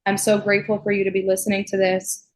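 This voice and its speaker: A young woman hosting her own solo podcast, speaking in an earnest, heartfelt and encouraging way. Her voice sits at a middle pitch, and her casual speech is full of "like" fillers as she talks straight to her listeners. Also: completely flat delivery, quick pace. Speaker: podcast host.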